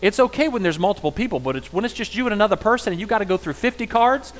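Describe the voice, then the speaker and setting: A man's voice: high voice, animated, very fast, hardly any pauses, poor audio. A middle-aged man preaching a sermon in a conversational style, telling personal stories and joking with his congregation. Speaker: pastor.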